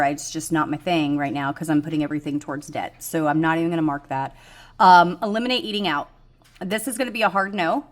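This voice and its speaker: Rambling woman, low-voiced budget chat. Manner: rambling, frank, self-deprecating, with many ums. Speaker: budgeting vlogger. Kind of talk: casual chat to camera.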